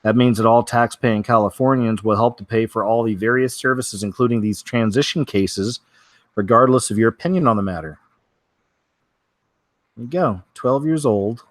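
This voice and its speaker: A man's voice: lowish voice, a little fast, no room sound. Dry-voiced man doing wry news chat. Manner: wry, offhand, many fillers. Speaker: host of a weekly news show. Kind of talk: casual news commentary.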